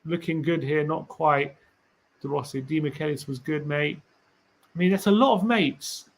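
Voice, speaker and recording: A man's voice: fairly high pitch, normal speed. A man hosting a casual live stream for a fan channel, reading tweets aloud, musing and rambling with rhetorical questions to viewers.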